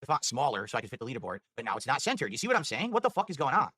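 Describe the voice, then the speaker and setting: A man's voice: medium pitch, huge pitch swings, rapid-fire, pushed and bright, slightly rough, dry recording. A man streaming live, rambling in an exasperated way and swearing as he talks. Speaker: livestreamer.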